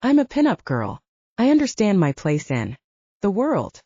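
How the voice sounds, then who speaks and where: A woman's voice: mid-range voice, huge pitch swings, normal speed, mellow, breathy edge, dry recording, dull audio. A woman narrator voicing a blunt, bubbly, teasing young woman as the best friend in an audiobook. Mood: playful.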